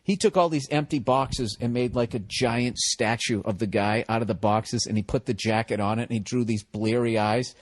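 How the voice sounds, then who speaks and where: A man's voice: mid-range voice, normal speed, hardly any pauses, no echo. Man telling profane rambling stories. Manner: profane, rambling, laughs through his own stories. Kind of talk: casual storytelling chat.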